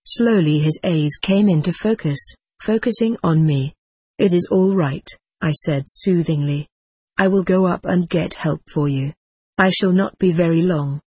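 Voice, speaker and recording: An audiobook narrator reading a first-person story in a measured, unhurried way. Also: medium pitch, a little mellow, slightly rough, no room sound.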